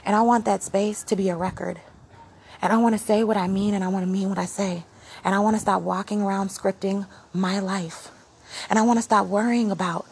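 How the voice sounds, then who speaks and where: A woman hosting her own podcast in a rambling, preachy motivational monologue that swings between loud and hushed. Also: medium pitch, fairly even intonation, brisk, a little hiss or hum. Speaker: podcast host.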